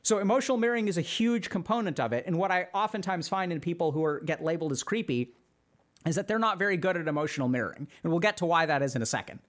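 A man hosting a podcast as a psychiatrist, explaining in an animated, casual way with lots of "like" and acted-out examples. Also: fairly high pitch, fast talker. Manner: animated, heavy use of "like", acts out examples.

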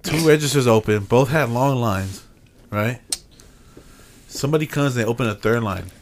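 A man co-hosting a casual podcast, telling a story in a profane, animated way. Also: medium pitch, normal speed, slight background noise. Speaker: podcast co-host.

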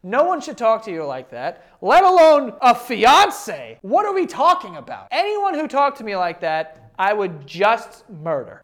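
A young adult man hosting a comedic reaction to online posts, brash and profane, laughing often as he reacts. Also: sits high. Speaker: host.

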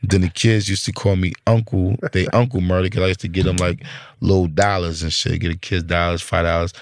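A man's voice: low voice, little pitch movement, brisk, slight background noise. A middle-aged man with a New York accent, telling a street story in blunt, profane casual talk. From Brooklyn, New York. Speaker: rapper interviewee.

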